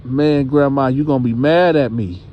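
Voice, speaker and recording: A man's voice: mid-range voice, normal speed, highs cut off, slight background noise, lightly acted. A man voicing a frightened young daughter who stammers and hesitates. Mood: nervous.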